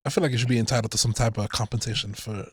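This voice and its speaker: A man's voice: mid-range voice, fairly even intonation, racing, husky, no echo, clean studio sound. A man co-hosting a podcast, making laid-back, joking interjections in casual chat. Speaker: podcast co-host.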